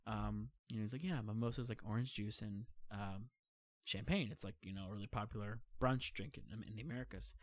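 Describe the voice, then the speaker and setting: His voice lowish and fairly quick, the young man recounts a lengthy trip in a dry recording. As the guest storyteller, he wanders through it with plenty of fillers and performs the quoted lines with animation.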